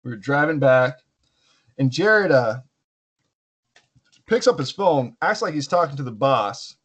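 A man's voice: medium pitch, expressive, measured pace, fairly bright tone, a little hiss or hum. A man in casual crude banter with coworkers, swearing and laughing as he tells a story.

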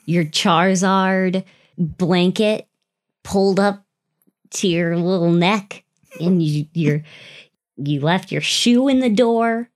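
A young adult woman with a lowish voice hosts a casual podcast, taking it slowly and pausing often. She tells a spooky story in the second person, with playful drama and the occasional swear.

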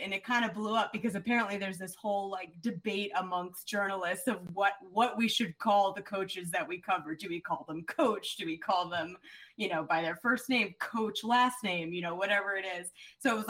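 A woman's voice: mid-range voice, steady tone, a little fast, a bit bright, rough recording. Chatty young woman reporter, laughing often. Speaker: sports reporter guest. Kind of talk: casual podcast chat.

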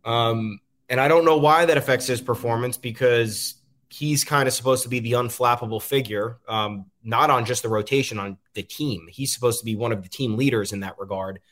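Talking briskly in a middle-pitched, fairly bright voice, a podcast host rambles through sports commentary as he works out his frustration, stumbling over ums and restarting sentences.

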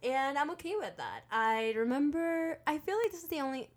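A young woman co-hosting a casual chat, an expressive storyteller who laughs often. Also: sits high, brisk. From Mexican heritage.

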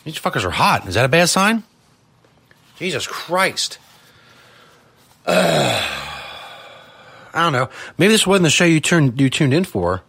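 A man's voice: a little high, very animated, fairly quick, hardly any pauses, fairly bright tone. A man hosting a live studio show, talking casually in a profane, exasperated ranting manner. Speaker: podcast host.

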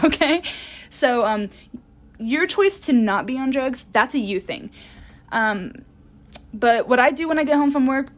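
A woman in her twenties hosting a podcast, rambling through casual stories with laughs and casual swearing, recorded on a phone. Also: a little high. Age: 20s. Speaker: podcast host. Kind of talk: casual solo chat.

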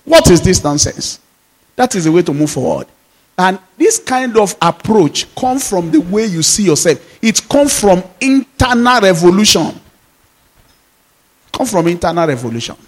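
A man's voice: high voice, big pitch swings, normal speed, poor audio. A man preaching a sermon as pastor, emphatic and full of repeated rhetorical questions.

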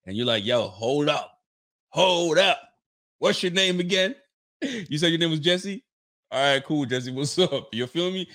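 A man's voice: fairly high pitch, animated, moderate pace, bright, forceful tone. A man hosting a casual sports podcast, joking and laughing as he riffs with his chat in slangy talk. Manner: talks to a live chat and audience. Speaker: podcast host.

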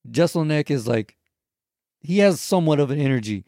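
A man's voice: on the high side, expressive, brisk, dark tone, no echo, studio quality. A man hosting a podcast in casual chat, swearing a lot and laughing often. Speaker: podcast host.

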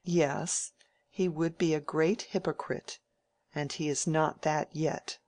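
A woman reading an audiobook and voicing a frank, dry-witted young woman in close to her own low voice. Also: steady tone, slow, a little mellow, no echo. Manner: dry and blunt.

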